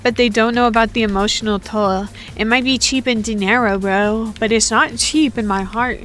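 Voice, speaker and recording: A woman's voice: a little high, steady tone, normal speed, a bit bright, soft background music. A woman giving casual, joking, rambling commentary while playing a game, full of slang. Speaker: gaming streamer.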